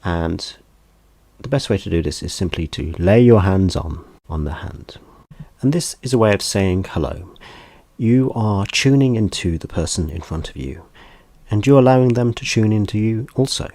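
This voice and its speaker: A man teaching a gentle hand massage, speaking in a soft, unhurried, calm instructional way. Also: lowish voice, no echo.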